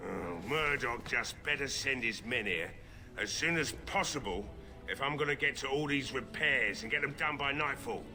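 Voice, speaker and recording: An actor playing a grieving old village blacksmith who is gruff and drinking, in a fantasy video game. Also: male voice, mid-range voice, close to an everyday voice. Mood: resigned. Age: older.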